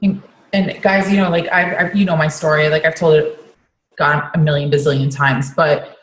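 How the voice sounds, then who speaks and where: A woman's voice: low-pitched, steady tone, normal speed, echoey room, poor audio. A woman coach on a team call, talking casually and rambling with many fillers and restarts.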